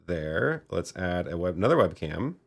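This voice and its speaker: Low-voiced man thinking aloud on a livestream. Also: big pitch swings, normal speed, creaky, husky. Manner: thinking aloud, trailing off with restarts. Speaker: livestream host demoing video gear. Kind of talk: casual live tech demo.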